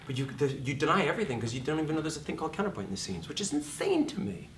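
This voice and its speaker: A man's voice: on the high side, very animated, racing, fairly bright tone, roomy sound, slight background noise. A man teaching acting to a live class in a hot room. He is blunt and profane, acts out quotes and sings notes.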